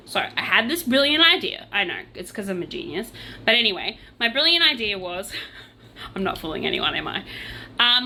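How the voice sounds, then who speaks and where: A woman with an Australian accent chatting to camera as a crochet and true crime vlogger, loud, bubbly and self-mocking. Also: on the high side, slight background noise. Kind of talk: casual chat to camera.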